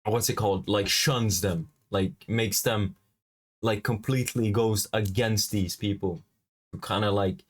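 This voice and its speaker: A man's voice: on the low side, fairly even intonation, a little slow, breathy edge. A man hosting a reaction video, ranting in a rambling, heavily profane, agitated way with many restarts.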